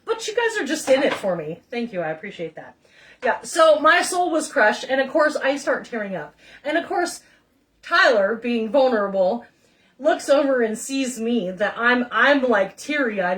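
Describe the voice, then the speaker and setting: A woman's voice: on the high side, lively intonation, moderate pace, a bit bright, recorded from a distance, slight background noise. A middle-aged woman chatting and rambling through stories while cooking in her home kitchen, talking straight to her viewers. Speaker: home cook vlogger. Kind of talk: chatty cooking vlog storytelling.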